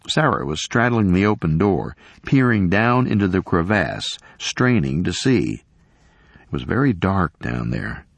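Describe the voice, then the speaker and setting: A man reading a story aloud in measured scripted narration. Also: sits low, vocal fry, dry recording. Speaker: audiobook narrator.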